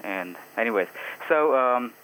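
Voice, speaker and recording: A man's voice: medium pitch, lively intonation, measured pace, sharp tone, slight background noise, rough recording. A man from India calling in to a radio show by phone, talking hesitantly with many fillers and frequent laughs. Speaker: caller. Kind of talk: call-in radio chat. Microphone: phone line.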